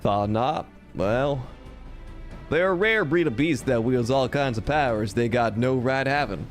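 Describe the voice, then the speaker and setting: Male streamer voicing a gruff frontier hunter NPC, Western drawl, leisurely, lively lilt. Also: soft background music, close to an everyday voice. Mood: sly. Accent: American Western drawl, put on. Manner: slow folksy drawl, lowered voice. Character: gruff drawling frontier monster-hunter man, middle-aged.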